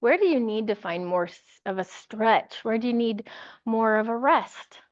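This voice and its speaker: A woman teaching a yoga class, giving calm, encouraging cues and laughing lightly now and then. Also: a little high, moderate pace, no echo, lo-fi sound. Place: yoga studio with music.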